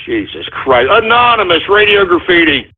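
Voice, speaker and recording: A man hosting a comedic call-in radio show, theatrical and exasperated, with mock whining and shouting. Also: high voice, big pitch swings, moderate pace. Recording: tinny lo-fi broadcast.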